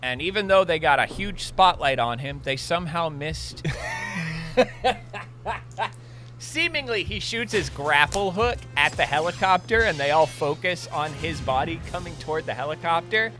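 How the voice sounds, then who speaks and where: A man's voice: fairly high pitch, moderate pace, pushed and bright, soft background music. A young man co-hosting a casual movie review chat, animatedly recapping scenes and tossing in playful voice impressions. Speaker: podcast co-host.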